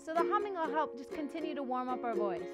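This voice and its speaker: A woman's voice: sits high, sing-song, quick pace, loud music behind the voice. A woman hosting a playful singing lesson, encouraging listeners and demonstrating with hums and cat sounds. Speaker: music teacher and show host. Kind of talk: kids-style singing lesson.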